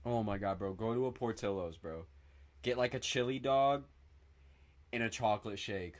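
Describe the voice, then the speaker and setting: A young man from northern Indiana chatting casually on a livestream, reading viewer comments and rambling excitably, swearing a lot and saying "bro" constantly. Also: on the low side, a little slow. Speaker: streamer.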